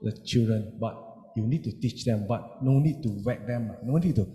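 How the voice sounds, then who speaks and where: Brief: male panelist, very dark warm voice, earnest and plain, recorded in an echoey hall. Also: medium pitch, normal speed, slight background noise. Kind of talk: parenting seminar discussion. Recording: echoey hall with long reverb.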